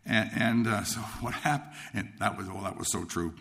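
Gravelly low-voiced man telling his testimony. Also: normal speed, hardly any pauses, a bit bright. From Nova Scotia, Canada. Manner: rambling, repeats words, lots of restarts and uh's. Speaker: speaker sharing his testimony. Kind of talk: personal testimony storytelling.

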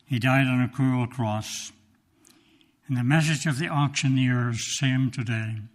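Reading from his notes, a male preacher tells a story during a sermon, speaking slowly and emphatically with dramatic pauses. His pitch is medium.

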